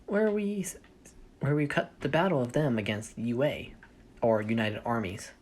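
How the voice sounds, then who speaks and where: A woman's voice: very deep voice, moderate pace, darkish tone, slightly rough. A woman explaining the setup of her fan story in a casual, rambling way, often stopping to correct herself. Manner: rambling, self-correcting, thinking aloud. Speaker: fanfiction storyteller.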